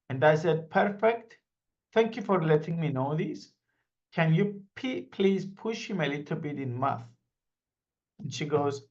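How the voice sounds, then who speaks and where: A man's voice: a little high, measured pace. A man giving a motivational seminar talk, emphatic and repetitive, telling anecdotes. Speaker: network marketing trainer. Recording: dull lo-fi audio.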